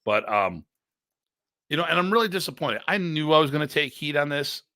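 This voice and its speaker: This middle-aged man from the US hosts a podcast and instructs martial arts, and here he's chatting casually through stories at a slightly quick pace. Lively, blunt and full of jokes, he wanders and restarts, voicing quoted dialogue with sudden pitch shifts. Studio-quality audio, no echo.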